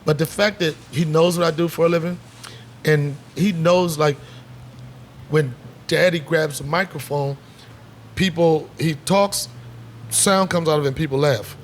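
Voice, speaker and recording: A middle-aged comedian appears as a guest on a bar set, speaking at a measured pace with long pauses in a voice on the high side. A little hiss or hum sits under the recording as he tells stories animatedly, acting out voices and swearing freely in casual chat.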